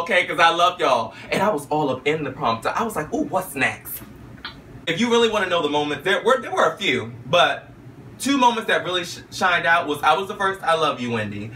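A man telling a story in a vlog with flamboyant, sassy flair, peppering his talk with "okay?" and "honey" and jumping into high squeals for his own quotes. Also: pushed and bright, distant mic, a little hiss or hum. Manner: jumps into high squeals when quoting himself. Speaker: vlogger recounting a talk show visit.

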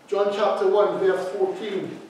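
Emphatic preacher in a very echoey church. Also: male voice, high voice, level tone, unhurried, darkish tone, slight background noise. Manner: emphatic, repeats key phrases for stress. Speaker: associate minister. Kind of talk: sermon. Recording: very echoey hall, speaker far from mic.

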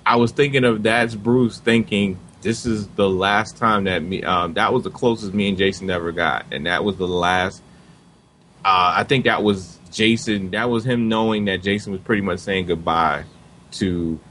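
A man's voice: on the low side, normal speed, fairly bright tone, a little hiss or hum. A man speaking reflectively as a guest on a podcast. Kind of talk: casual podcast discussion.

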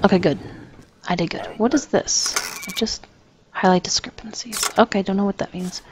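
A woman's voice: medium pitch, fairly quick. A woman giving flustered, self-mocking let's play commentary and talking back to the game characters. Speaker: gamer. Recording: noisy home recording.

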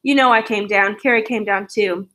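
A woman reading aloud the lines of a defensive, sharp-tongued middle-aged sister in a curt, cutting way. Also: mid-range voice, normal speed, natural voice.

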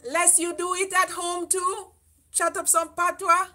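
Loud, bright Jamaican woman. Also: extremely high pitch, measured pace. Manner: loud, lively, mixes patois into English. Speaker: beauty vlogger. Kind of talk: casual livestream chat.

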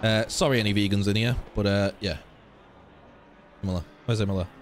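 A man's voice: lowish voice, fairly even intonation, fairly quick. A young man hosting a racing live stream, chatting in a rambling, casual way with his viewers. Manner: rambling, chatty, talks to chat. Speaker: sim racing streamer host.

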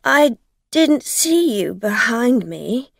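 A woman's voice: on the high side, very animated, takes it slowly, vocal fry, dry recording, studio quality, voice pushed up, full character voice. A woman reading a storybook, voicing a tipsy, flustered woman driver who stammers and pleads.

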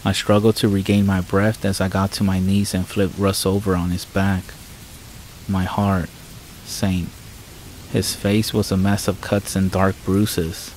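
Low, somber male horror narrator. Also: flat delivery, unhurried, a little mellow, a little hiss or hum, low-quality recording. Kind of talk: scripted first-person horror narration. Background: faint rain sounds.

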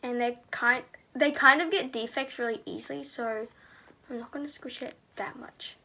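High bright teen girl doing a squishy haul, gushy and excitable, goes soft and murmury sometimes. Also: normal speed, gravelly. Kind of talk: casual product review.

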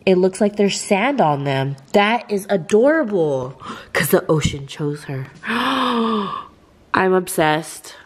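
A woman's voice: on the low side, a little slow. A young woman vlogging casually, rambling and emotional, full of fillers and restarts. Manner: gushing and gasping with excitement. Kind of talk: casual vlog chat.

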